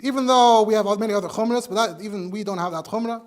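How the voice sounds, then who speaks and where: The rabbi here talks fast in a high voice. He teaches a halacha class in English as a Torah lecture, explaining each source in turn and blending in Hebrew and Yiddish terminology.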